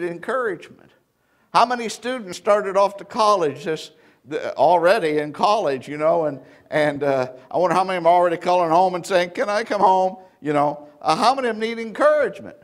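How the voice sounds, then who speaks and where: Folksy Indiana preacher telling a story. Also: male voice, sits high. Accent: Southern Indiana. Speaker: pastor. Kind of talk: sermon. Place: church.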